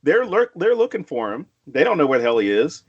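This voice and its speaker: A man's voice: a little high, very animated, a little fast, husky, lo-fi sound. A man co-hosting a podcast, rambling casually about a horror film, swearing and acting out lines from it. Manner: rambling, profane, acts out quotes. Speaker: podcast co-host.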